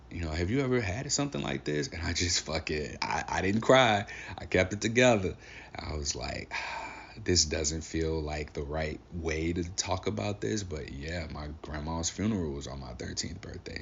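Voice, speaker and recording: A man's voice: extremely low pitch, lo-fi sound, slight background noise. A man in his thirties hosting a solo podcast, talking about grief in an emotional, reflective way and swearing casually. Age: 30s. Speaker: podcast host. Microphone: audio-only recording.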